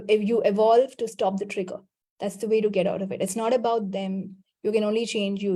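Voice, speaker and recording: A woman's voice: medium pitch, warm tone. A woman leading a group coaching call over video, blunt and direct, scolding at times. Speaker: healing coach and call facilitator.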